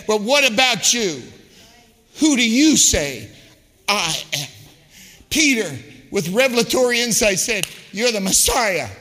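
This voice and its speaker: A man preaching a sermon as a guest preacher, impassioned and rhythmic, rising to shouts, in a church. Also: very high voice, long reverb tail. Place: church sanctuary.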